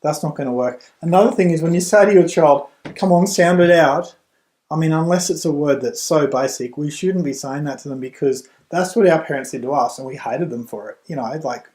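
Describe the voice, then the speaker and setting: A middle-aged man, a reading tutor and parent, explaining at home in a relaxed way with a few restarts. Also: on the high side, fairly quick, few pauses. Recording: roomy echo.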